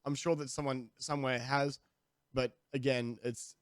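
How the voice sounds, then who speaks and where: A young Australian man ranting comically to camera as a streamer, rambling with restarts and sudden jumps in pitch. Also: little pitch movement, normal speed, no echo, clean studio sound. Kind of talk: comedic rant to camera.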